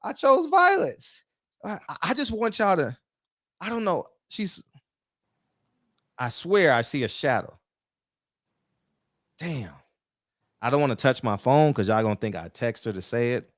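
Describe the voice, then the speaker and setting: A man's voice: a little high, very animated, unhurried, long pauses, no echo, studio quality. A man hosting a live call-in show, talking brash, profane and amped up in casual chat.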